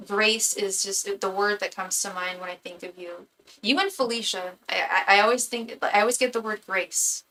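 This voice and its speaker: A woman's voice: medium pitch, sharp tone, slight background noise, poor audio. A woman tarot reader giving a live reading to her chat in a casual, chatty way, often stumbling and repeating words as she talks.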